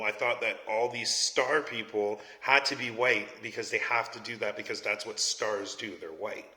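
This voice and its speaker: A man's voice: medium pitch, sharp tone. A man, giving a blunt, profane, casual opinion rant and often asking "you know what I mean?". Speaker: commentator. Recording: echoey space with long reverb.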